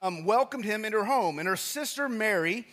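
A man preaching a casual, conversational sermon in a church, often restarting phrases and dropping low and quiet for emphasis. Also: lively intonation, a little fast. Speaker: pastor.

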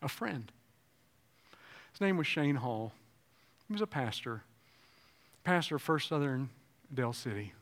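A pastor preaching a sermon, swinging between loud exclamations and hushed, tender passages. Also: male voice, medium pitch, expressive, unhurried, long pauses. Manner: swings from shouting to hushed tones.

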